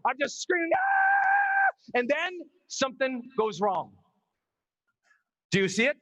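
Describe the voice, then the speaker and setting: A man giving an energetic storytelling talk at a live event, acting out scenes and shouting the dramatic parts. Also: very high-pitched, unhurried, dull audio, a little hiss or hum. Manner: animated, acts out scenes and screams. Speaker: motivational speaker.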